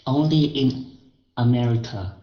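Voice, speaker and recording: Man, student, reads aloud slowly, monotone, hesitant, roomy dull recording. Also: medium pitch. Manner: hesitant, repeats and restarts words. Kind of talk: reading a passage aloud.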